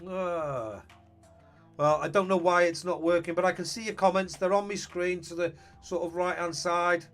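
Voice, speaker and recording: A man's voice: sits high, steady tone, moderate pace, a bit bright, faint music behind. A man chatting casually on a live stream, greeting viewers and thinking aloud about his team.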